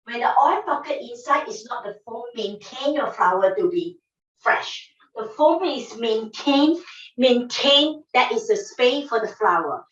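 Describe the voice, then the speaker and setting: A woman's voice: a little high, animated, unhurried, fairly bright tone. A woman teaching flower arranging in a casual demonstration, talking emphatically and repeating her phrases in non-standard English. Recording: echoey room, distant mic, dull sound.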